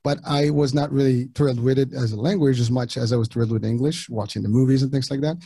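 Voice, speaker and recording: A middle-aged man from Morocco, whose first languages were French and Arabic, talking casually as an interview guest in halting sentences with many restarts. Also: medium pitch, fairly even intonation, warm tone, breathy edge, no room sound. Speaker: podcast guest.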